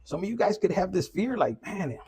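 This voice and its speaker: A man's voice: high-pitched, very animated, a little fast, creaky, warm tone, slight background noise. A man giving a loose, profane, casual collective tarot reading. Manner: loose and profane, with Spanish slang mixed in. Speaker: tarot reader.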